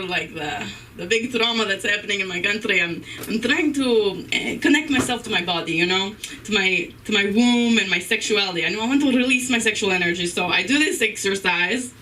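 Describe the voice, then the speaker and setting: A woman's voice: medium pitch, expressive, moderate pace, bright, forceful tone, far from the mic, slight background noise, poor audio. A woman putting on a solemn Ukrainian wellness guru. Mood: earnest. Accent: put-on Ukrainian. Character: earnest Ukrainian young woman, body-focused and spiritual.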